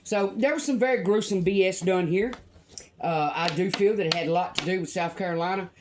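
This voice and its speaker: An older woman from Louisiana ranting to camera as a vlogger, blunt, indignant and profane, with slow emphatic pauses. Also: fairly low pitch, background noise. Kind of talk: angry personal rant to camera.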